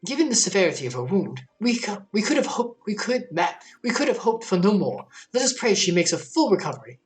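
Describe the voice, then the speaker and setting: A woman reading video game dialogue aloud as a shaken young woman warrior, in an earnest, halting delivery. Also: mid-range voice, big pitch swings, soft background music, lightly acted. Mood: somber.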